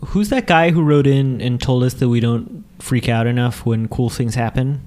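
A man's voice: mid-range voice, moderate pace, darkish tone. Man tossing in dry quips. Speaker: podcast co-host. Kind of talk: casual chat.

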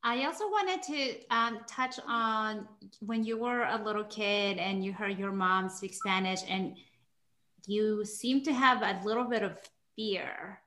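A woman interviewing a guest in an encouraging, curious way. Her voice has a bright, forward edge, and she hesitates a little as she shapes each question. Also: mid-range voice, unhurried. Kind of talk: interview conversation.

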